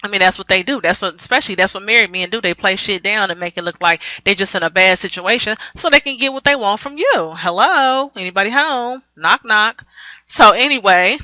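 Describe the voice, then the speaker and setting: A woman's voice: mid-range voice, fast talker, hardly any pauses, bright, forceful tone, no room sound, low-quality recording. A woman recapping a reality TV episode on her vlog, blunt and profane, rambling and correcting herself as she goes. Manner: blunt, profane, sassy commentary; rambling with frequent self-corrections. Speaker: TV recap vlogger.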